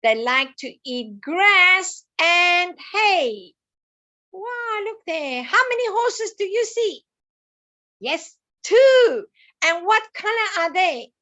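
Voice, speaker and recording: High-voiced woman teaching little kids, slow and sing-songy, coaxing questions. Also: very animated, sharp tone. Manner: sing-song, coaxing, asks young listeners questions. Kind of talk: children's lesson.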